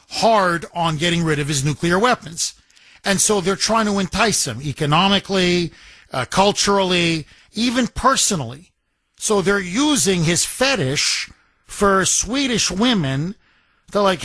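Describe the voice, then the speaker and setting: A man hosting a talk radio show, telling a story in an animated way and acting out quotes. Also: high voice, no room sound.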